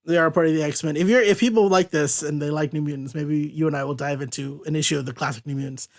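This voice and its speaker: A man's voice: on the high side, steady tone, fast. A man hosting a casual comic book discussion show, chatty and upbeat. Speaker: podcast host.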